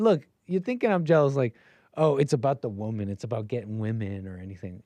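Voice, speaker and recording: A man's voice: mid-range voice, quick pace, warm tone, no room sound. A man hosting a live stream, reacting to a video clip in casual, sarcastic and rambling commentary that often repeats itself.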